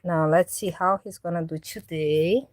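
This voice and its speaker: A woman vlogging casually about her cats, coaxing them with meows and baby talk between relaxed explanations. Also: lowish voice, unhurried, noisy background. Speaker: cat owner and vlogger. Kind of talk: casual vlog narration.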